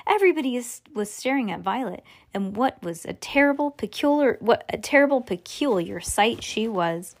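A woman reads a children's storybook aloud to a child. Her voice is on the higher side, and she reads informally, stumbling and fixing slips as she goes. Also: lively intonation, moderate pace, few pauses. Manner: informal, with slips and self-corrections. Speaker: parent reading aloud. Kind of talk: bedtime story reading.

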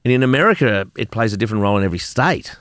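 Middle-aged aussie bloke yarning away, lowish voice, dry close sound, bit of swearing. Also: male voice, expressive, very fast, a bit bright, no echo. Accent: Australian. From Australia. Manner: chatty storyteller, repeats words, swears casually. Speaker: gin company co-founder, guest. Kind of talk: casual interview chat.

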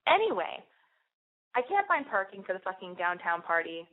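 A woman's voice: mid-range voice, moderate pace. Young woman on a call-in show, rambling and swearing, sounds like it's coming through a phone line. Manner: animated, profane, rambling with many restarts. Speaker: radio show host taking calls. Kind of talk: casual storytelling monologue. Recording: phone-like narrow band radio sound.

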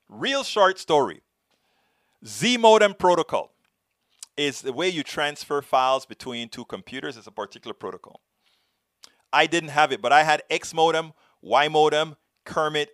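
A man's voice: on the high side, fairly bright tone, no echo. Earnest man with a foreign accent, dry sound. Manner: earnest, halting, many restarts. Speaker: show host answering viewer questions. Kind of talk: conversational commentary and storytelling.

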